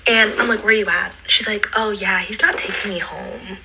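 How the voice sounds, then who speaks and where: A woman's voice: medium pitch, normal speed, noisy background. A young woman casually retelling a personal story, acting out the quotes and dropping into whispered asides. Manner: animated, acts out quotes, drops to whispered asides.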